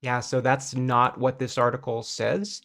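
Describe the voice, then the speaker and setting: A man's voice: medium pitch, flat delivery, unhurried, fairly bright tone. A man hosting a casual debunking commentary in an exasperated, conversational way. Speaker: host.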